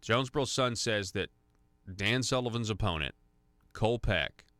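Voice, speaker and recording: A man's voice: on the low side, lively intonation, normal speed, fairly bright tone, dry recording. A man hosting a conservative talk radio show from a studio, rambling conversationally with many fillers and restarts.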